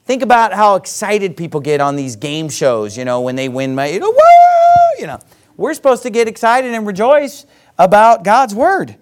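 A middle-aged man preaching a Bible sermon, reading scripture slowly and then explaining it in a folksy, emphatic way. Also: high-pitched, sing-song.

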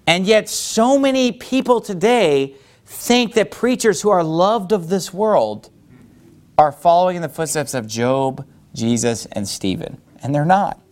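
A man preaching a sermon with a fairly high voice. He delivers it in an animated, emphatic way, now and then growling through his teeth to act out anger. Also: a little slow. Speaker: pastor.

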